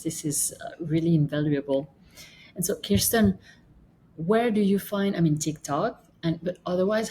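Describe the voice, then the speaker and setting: Woman, very low voice, podcast host, measured questions, soft affirmations. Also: slight background noise, rough recording. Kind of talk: interview questions.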